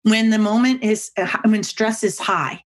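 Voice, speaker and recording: Animated woman telling stories with acted-out voices. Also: unhurried. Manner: acts out quotes with big pitch jumps; emphatic, repeats catchphrases. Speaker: guest speaker on body language. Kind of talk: animated storytelling on a podcast.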